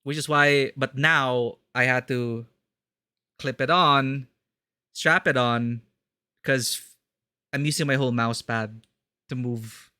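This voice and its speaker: A man streaming a horror game, chatting excitedly and laughing often as he plays. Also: medium pitch, slow, long pauses, smooth. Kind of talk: live gameplay commentary.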